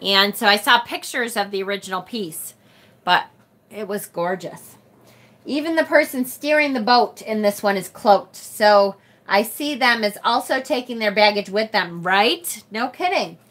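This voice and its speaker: A middle-aged woman with a Rochester, New York accent, hosting a casual tarot livestream and reading viewer comments aloud, chatty and quick to laugh. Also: mid-range voice, animated, fairly bright tone. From United States. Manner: chatty and bubbly, laughs often, trails off and restarts.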